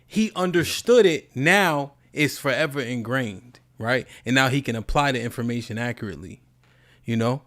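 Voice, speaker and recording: A man hosting a live-stream talk show, chatting casually with loud, profane energy and reading out viewer donations. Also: mid-range voice, normal speed. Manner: animated, profane, reads out super chats. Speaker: podcast host.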